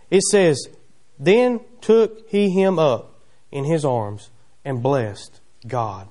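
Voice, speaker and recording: A man's voice: fairly high pitch, very slow, warm tone. A man preaching a sermon in a church, telling the story in a folksy way full of wondering questions. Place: church sanctuary.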